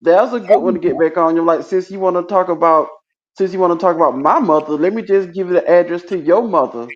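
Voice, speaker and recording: A man co-hosts a casual livestream chat, rambling and leaning on fillers as he talks. His voice sits high. The sound is dull and lo-fi. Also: quick pace. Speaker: livestream co-host.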